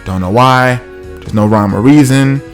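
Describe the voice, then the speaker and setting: A man's voice: mid-range voice, unhurried, faint music behind. A man casually telling a comic personal story, acting out the other people's voices.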